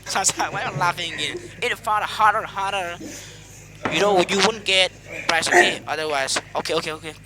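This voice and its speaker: A man's voice: high voice, brisk, over a noisy crowd. A man hosting an eating contest among friends, calling it like playful sports commentary, teasing the players and laughing often. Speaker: host commentating a mukbang contest.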